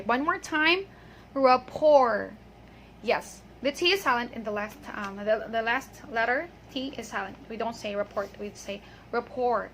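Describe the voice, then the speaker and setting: A high, bright female voice leads a pronunciation lesson. She says model words slowly and carefully and checks in often with "okay". A faint hiss of noise sits under the recording. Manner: patient, drawn-out model words and frequent "okay". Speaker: English pronunciation teacher.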